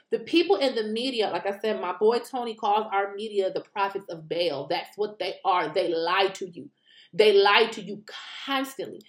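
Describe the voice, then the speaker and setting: An American woman giving casual political commentary, animated and indignant, firing off rhetorical questions with mocking asides. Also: fairly high pitch, moderate pace, echoey room.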